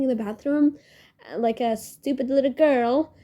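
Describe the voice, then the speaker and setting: A woman's voice: on the high side, fairly even intonation, brisk, warm tone. A young woman hosting a casual podcast review, talking in a gushing, emotional way and rambling with many fillers. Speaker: podcast host reviewing a series.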